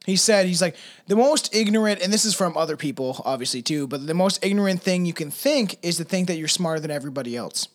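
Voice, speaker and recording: High-voiced joking young man. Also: expressive, fast. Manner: rambling, laughing, crude and joking. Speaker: podcast co-host. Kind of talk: casual podcast chat.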